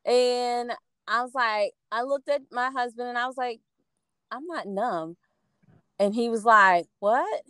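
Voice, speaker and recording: A woman, chatting casually and telling stories with lively acted-out quotes. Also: fairly high pitch, moderate pace, clean tone, dry recording, studio quality. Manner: animated storyteller, acts out quotes. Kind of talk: casual chat.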